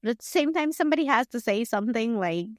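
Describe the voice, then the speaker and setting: A woman's voice: a little high, lively intonation, quick pace, no echo, clean studio sound. A woman co-hosting a podcast, chatting casually about a book, rambling with lots of fillers and acting out characters' lines. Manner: rambling, filler-heavy retelling; acts out characters' lines in quotes. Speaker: podcast co-host. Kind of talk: casual book review chat.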